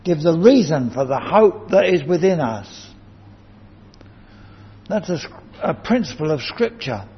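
A man's voice: a little high, sing-song, measured pace, long pauses, slightly rough. A man preaching a sermon in a church, earnest and emphatic, lifting his voice to stress key words. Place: church building. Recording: dull lo-fi church sound with long reverb.

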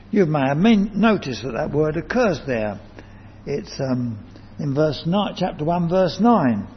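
A man preaching in a church, earnest and emphatic, his voice lifting on the key words. His delivery is slow and unhurried, with a lot of movement in the pitch. The sound is dull and lo-fi, with a long reverb tail and faint ambience behind him. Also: slight background noise. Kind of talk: sermon. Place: church building.

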